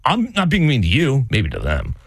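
A man's voice: mid-range voice, wildly swooping pitch, normal speed, vocal fry, husky, dry recording, studio quality. A man hosting a radio show, needling his co-host in casual teasing banter.

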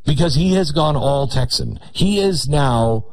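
A man's voice: mid-range voice, lively intonation, unhurried, a little mellow, low-quality recording. An American man hosting a talk radio show, rambling through sarcastic, mocking asides. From United States.

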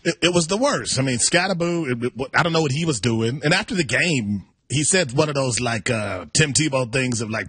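A man co-hosts a sports talk show with a lively, bouncing voice, bright and slightly husky. The sound is close and dry, with no room around it. He talks in an animated, emphatic and self-deprecating way. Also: medium pitch, a little fast, hardly any pauses, no echo. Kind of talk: casual sports radio chat.

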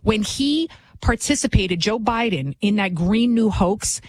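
A woman's voice: mid-range voice, expressive, measured pace, no echo, low-quality recording. A woman giving an impassioned political monologue as a commentator, emphatic and repetitive, often tagging lines with a rhetorical "right?".

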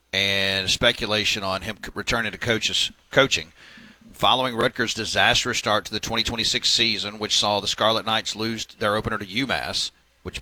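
A sports radio host talks through the news in a casual, wry way, scattering filler words. His voice sits low but has a bright edge. The sound is close and dry. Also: no room sound, rough recording. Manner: reads news items aloud with filler and wry asides.

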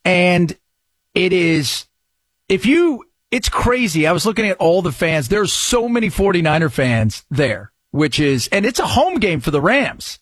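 A man hosting a radio talk show, his voice sitting a touch high and sounding very dry and close to the mic. He riffs excitably and cracks jokes as he goes. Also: a little slow, no echo. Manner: excitable, jokey, riffing. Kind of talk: casual talk radio commentary.

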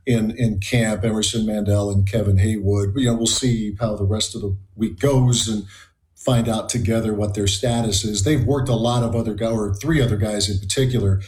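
A man giving measured, analytical commentary on a sports talk show. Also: lowish voice, fairly even intonation, a little mellow, reverberant.

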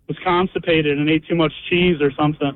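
Guy guest calling in, um-ing his way through, high voice, phone-line tin. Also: steady tone, no echo. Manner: halting, filler-heavy storytelling. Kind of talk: casual chat.

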